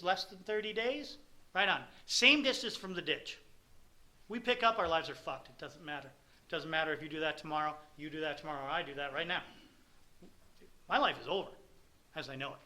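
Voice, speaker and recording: A middle-aged man speaks at a recovery meeting, sharing his story in a candid, rambling way. His voice is very bright and edgy, sitting slightly high for a man. He talks bluntly and plainly to his peers. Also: normal speed, long pauses. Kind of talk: personal testimony talk.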